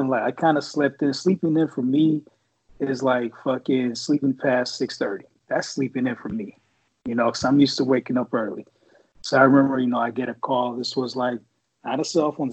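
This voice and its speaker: Speaking briskly in a husky, steady mid-range voice, a middle-aged Bay Area man who served as a Marine reservist rambles through a profane war story. Fillers pile up, and the sound is lo-fi.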